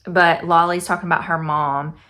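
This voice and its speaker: A woman's voice: lowish voice, little pitch movement, normal speed, bright, forceful tone. A young woman in a casual book review vlog, chatty and effusive, reading passages aloud. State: teary-eyed. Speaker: book vlogger.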